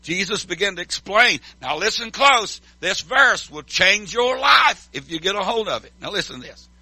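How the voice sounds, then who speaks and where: High, bright preacher man. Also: lively intonation, normal speed, no echo. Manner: call-and-response preaching, swings from loud to hushed. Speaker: pastor. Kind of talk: sermon.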